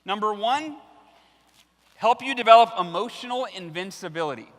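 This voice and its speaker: A man in his thirties giving a storytelling keynote speech, animated and acting out the voices in his anecdotes. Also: high voice, normal speed. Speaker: keynote speaker. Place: large hall with a live audience. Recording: long hall reverb from the stage.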